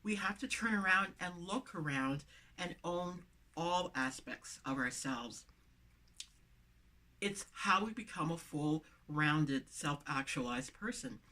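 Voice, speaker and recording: A woman's voice: low-pitched, expressive, slow pace, pushed and bright. Woman with a lisp, emphatic motivational vlogger. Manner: emphatic, repeating phrases for emphasis. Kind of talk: motivational talk to camera. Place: inside a van.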